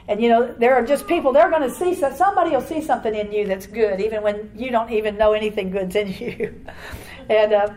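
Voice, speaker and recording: An older woman giving a rambling, animated personal testimony to a church congregation, laughing often as she tells her story. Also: a little high, slight background noise, low-quality recording.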